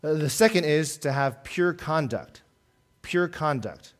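A man preaching a sermon in an earnest tone, rising louder on key points and dropping softer after them. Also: on the high side, animated, measured pace. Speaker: pastor.

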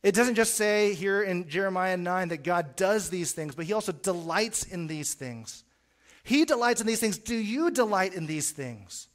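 A middle-aged man preaching a sermon in an earnest way, repeating words as he starts phrases and swinging from quiet to loud. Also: sits high.

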